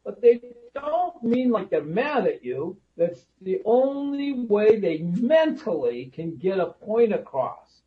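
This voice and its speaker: A man co-hosting a radio talk show, spinning wry stories as he banters with his co-hosts. His voice runs high for a man and comes through muffled and lo-fi. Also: big pitch swings, takes it slowly. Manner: wry, storytelling, acts out grandma lines. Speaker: radio co-host. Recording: dull lo-fi sound.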